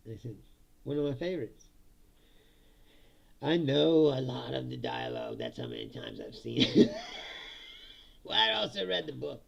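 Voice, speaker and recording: Laughing, rambling man with a gravelly voice. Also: on the high side, a bit bright, muffled recording. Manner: rambling, laughs often, swears casually. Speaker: host. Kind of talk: casual live-stream monologue.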